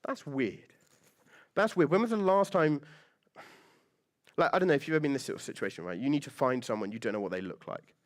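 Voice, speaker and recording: A man's voice: mid-range voice, fast. A man preaching a sermon as pastor, conversational and joking, with lots of rhetorical questions.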